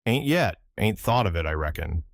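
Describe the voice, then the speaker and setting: Casting: tart, weary Southern washerwoman put on by a male narrator, higher than his own voice. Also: sing-song, moderate pace, no echo, clean studio sound. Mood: scolding.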